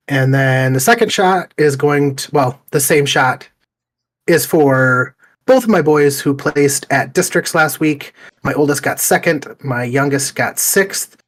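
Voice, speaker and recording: A middle-aged man co-hosting a podcast, chatting casually and telling stories with plenty of swearing. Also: mid-range voice. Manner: relaxed storytelling, swears often. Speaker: podcast co-host. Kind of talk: casual chat.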